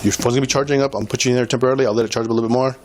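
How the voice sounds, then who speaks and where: A man's voice: mid-range voice, fairly even intonation, very fast. A male police officer at a roadside traffic stop, patiently repeating coaching commands, recorded on a body camera. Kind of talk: giving instructions at a traffic stop. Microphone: body-worn camera. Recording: noisy body cam audio.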